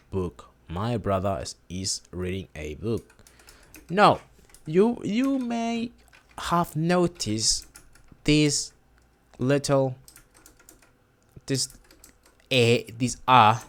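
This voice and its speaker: Slow, hesitant man teaching a lesson. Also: mid-range voice. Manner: hesitant, many restarts and fillers, thinking aloud. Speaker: language teacher. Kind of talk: informal screen-recorded lesson.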